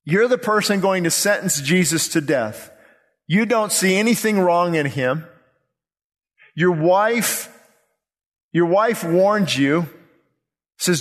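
A man with a high voice preaches in a long-reverb church hall. He is animated and acts out the people he quotes as he goes. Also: takes it slowly, pauses often. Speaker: pastor. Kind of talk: sermon. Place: church sanctuary.

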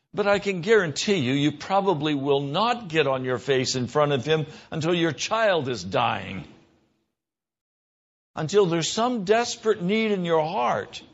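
A man preaching a sermon in an earnest voice, his pitch rising when he stresses a point or acts out a quick exchange. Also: lo-fi sound. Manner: earnest, rises in pitch for emphasis and mimicked dialogue.

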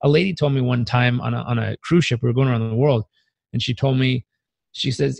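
A man's voice: fairly even intonation, brisk, gravelly, darkish tone, no room sound. Earnest man telling stories on a podcast. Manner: earnest, acts out inner voices with pitch jumps. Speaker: podcast guest. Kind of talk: reflective conversational storytelling.

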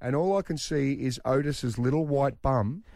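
Animated Australian radio host telling a story. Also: male voice, mid-range voice, normal speed, vocal fry, no echo, studio quality. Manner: animated storyteller, swings into quoted voices.

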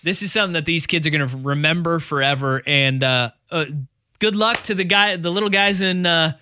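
A man's voice: fairly high pitch, fairly quick, sharp tone, clear, resonant tone, no room sound, studio quality. A man co-hosting a casual sports talk show, enthusiastic and rambling with fillers. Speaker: co-host. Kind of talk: casual banter.

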